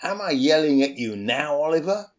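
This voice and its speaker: An actor playing a domineering, impatient employer who barks orders in a radio drama re-creation. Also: male voice, fairly high pitch, expressive, moderate pace, lightly acted. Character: bullying bossy male employer. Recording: dull lo-fi radio-style recording.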